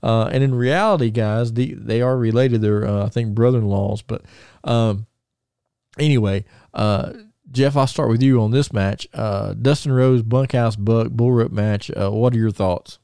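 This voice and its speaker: A man's voice: mid-range voice, steady tone, unhurried, vocal fry, dark tone, clean tone, dry recording, clean studio sound. A man hosting a casual podcast, rambling through stories with many fillers and restarts. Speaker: podcast host.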